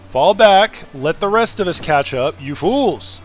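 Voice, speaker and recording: A man streaming a video game, chatting casually and swinging between loud outbursts and quiet muttering. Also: sits high, expressive, a little slow, faint music behind. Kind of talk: casual gaming stream chat.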